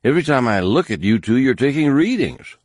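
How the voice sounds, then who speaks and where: A man reading the part of a calm, modest Jedi leader who asks plain, direct questions. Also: medium pitch, a little fast, no room sound, clean studio sound, voice pushed up. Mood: curious.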